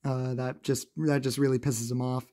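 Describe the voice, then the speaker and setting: A man recapping a comic book in a casual, chatty review, laughing often and filling pauses with "uh". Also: medium pitch, little pitch movement, mellow.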